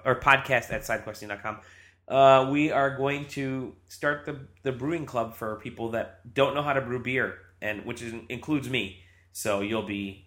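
A man's voice: mid-range voice, fairly bright tone. A man hosting a casual podcast, laughing often and rambling through restarts. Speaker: podcast host.

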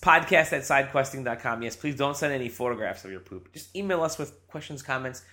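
A man's voice: mid-range voice, animated, brisk, sharp tone. A man hosting a casual podcast, laughing often and rambling through restarts. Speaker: podcast host.

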